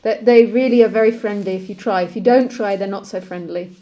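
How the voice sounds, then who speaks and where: A woman, a spiritual teacher, speaking calmly and repetitively in a live-streamed session and laughing easily. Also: mid-range voice, brisk, dull audio.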